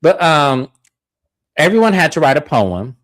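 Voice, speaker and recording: A man co-hosting a reality TV recap, telling the story in casual chat and jumping into high-pitched impressions of the cast. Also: big pitch swings, measured pace, a bit bright, dry recording.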